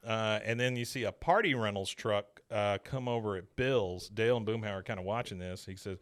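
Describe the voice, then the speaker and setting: A man's voice: fairly low pitch, a little fast, hardly any pauses, clean tone. A man co-hosting a podcast, recapping an episode in casual chat with lots of fillers and laughs. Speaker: podcast co-host.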